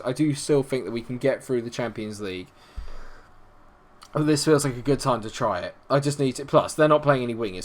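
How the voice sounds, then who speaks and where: A man's voice: mid-range voice, fairly bright tone. A man giving a blunt, sweary running commentary while playing a football management game. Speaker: video game player. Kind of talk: let's play commentary.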